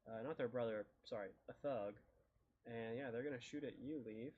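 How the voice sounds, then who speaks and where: A man's voice: medium pitch, husky. Laid-back male dungeon master, lo-fi sound. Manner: relaxed, halting with many fillers and restarts. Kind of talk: narrating a tabletop game. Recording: dull lo-fi mic.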